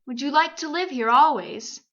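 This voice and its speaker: A woman voicing a great, wise male lion who speaks slowly and gravely, read aloud as a storybook. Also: sits high, a bit bright, muffled recording. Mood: solemn.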